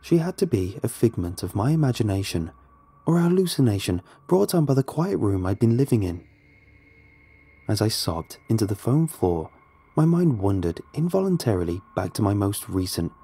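A man narrating a first-person horror story in a hushed, dramatic way. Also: lowish voice, very animated, normal speed, slightly rough.

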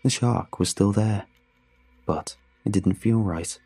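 A man narrating a first-person story in a steady, measured way. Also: on the low side, husky, soft background music.

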